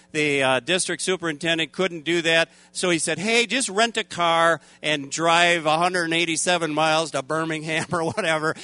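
A male preacher, telling a story in a folksy, animated way, laughing often and acting out the voices of the people in it. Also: a little high, no echo. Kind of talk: storytelling sermon.

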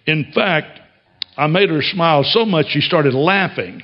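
A man's voice: a little high, normal speed, highs cut off. A man preaching a sermon as a pastor, telling stories in a folksy way and chuckling often.

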